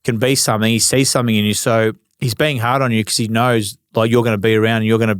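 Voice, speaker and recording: A man's voice: fairly low pitch, level tone, fast, clear, resonant tone, no echo, clean studio sound. A man in his forties with an Australian accent, a former footballer telling casual, swearing-laced stories as an interview guest. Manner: laid-back, swears freely, acts out old arguments.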